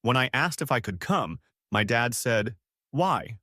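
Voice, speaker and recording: A man's voice: lowish voice, expressive, a little slow, sharp tone, no echo, studio quality. A man in his twenties narrating his own story in a casual, slangy first-person style. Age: 20s. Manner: casual, slangy, spelled-out abbreviations.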